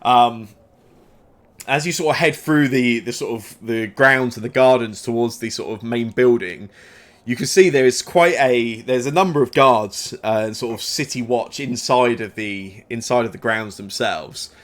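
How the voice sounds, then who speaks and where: A man narrating as game master in a tabletop game, pausing often and restarting his sentences as he describes the scene. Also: medium pitch, fairly bright tone. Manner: hesitant, many fillers and restarts.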